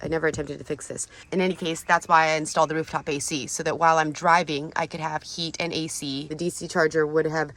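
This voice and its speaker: A woman's voice: deep voice, little pitch movement, fast, few pauses, fairly bright tone. A woman talking casually to the camera as a vlogger who lives out of her vehicle, chatty and emotional, laughing and gasping often, speaking in and around her truck outdoors. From California. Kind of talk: casual vlog talk to camera.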